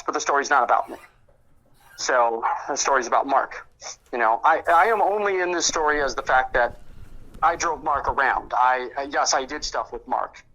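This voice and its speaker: A man's voice: mid-range voice, bright, forceful tone, highs cut off. A man telling stories about an old friend in a casual interview, rambling with many fillers and restarts. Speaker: interview guest, friend recounting memories.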